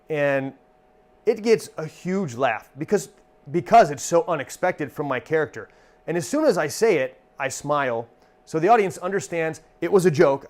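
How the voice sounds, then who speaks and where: A man with a slightly higher voice teaches performers how to handle interruptions on stage. He talks in a relaxed, chatty storytelling way and acts out quick comic comebacks as he goes. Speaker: stage entertainer and magician. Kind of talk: instructional talk demonstrating comic one-liners.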